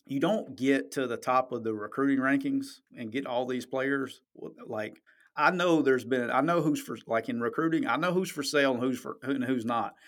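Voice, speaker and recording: A man's voice: medium pitch, normal speed. A man hosting a podcast, talking sports in a blunt, emphatic, profane way and often checking "okay?". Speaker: podcast host. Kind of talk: casual sports talk.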